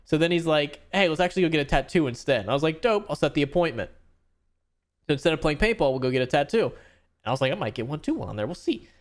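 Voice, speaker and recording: A man's voice: fairly high pitch, expressive, very fast. A man in casual podcast chat, crude and blunt, joking with friends. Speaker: podcast regular.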